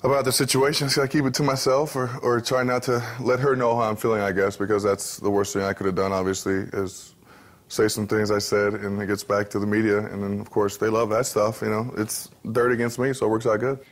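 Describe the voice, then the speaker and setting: A man's voice: lowish voice, level tone, fairly quick. A man in his thirties, a professional football player, talking candidly and easily as an interview guest, with many fillers and restarts. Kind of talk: relaxed interview talk.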